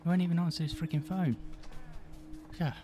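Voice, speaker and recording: A man's voice: a little high, steady tone, a little fast, over music, natural voice. A man voicing an impatient young man, casual and exasperated, waiting on a late friend.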